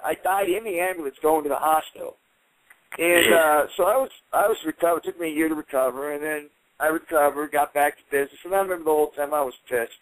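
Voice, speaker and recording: A middle-aged man telling a story in a casual interview, animated and heated as he retells it. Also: fairly high pitch, no room sound, low-quality recording. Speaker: interview guest.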